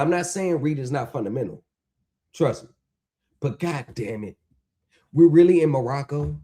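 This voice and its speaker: A man hosting a livestream, talking in an animated, mocking rant that is full of profanity and rhetorical questions. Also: on the high side. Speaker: stream host. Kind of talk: ranting livestream talk.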